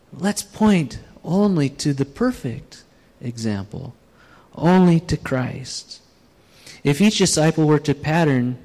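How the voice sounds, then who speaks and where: A man preaches a sermon, illustrating his points with demonstrations and putting questions to the audience. His voice is fairly high with a darkish tone, carrying the long reverb of a large hall.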